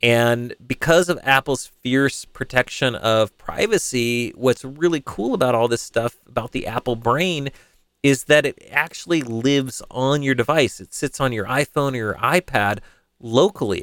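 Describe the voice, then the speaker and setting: A man with a smooth, resonant voice talks through tech news on his own podcast. He keeps it conversational, with fillers and the odd self-correction. The sound is close and dry, with almost no room around it. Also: mid-range voice, normal speed, a bit bright, no echo. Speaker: podcast host.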